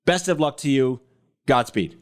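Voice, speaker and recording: A man's voice: mid-range voice, animated, normal speed, clean tone. A man hosting a podcast interview, upbeat and friendly. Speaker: host. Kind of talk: casual interview chat.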